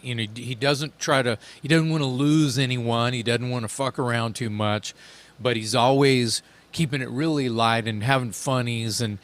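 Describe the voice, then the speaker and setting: A man's voice: mid-range voice, a bit bright. Rambling male podcast host. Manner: rambling, halting. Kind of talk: casual chat.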